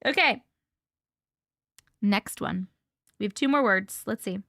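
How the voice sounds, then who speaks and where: A woman's voice: mid-range voice, takes it slowly, fairly bright tone, no room sound, studio quality. A woman hosting a casual live chat with viewers, playful, often laughing and coughing between remarks. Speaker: livestream host.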